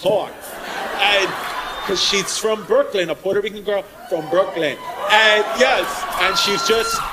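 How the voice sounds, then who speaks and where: Brash high-voiced male stand-up comic. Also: measured pace. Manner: brash, loud bursts of shouting. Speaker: stand-up comedian. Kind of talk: stand-up comedy set. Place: comedy club stage. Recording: live club recording with crowd noise. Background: laughing crowd.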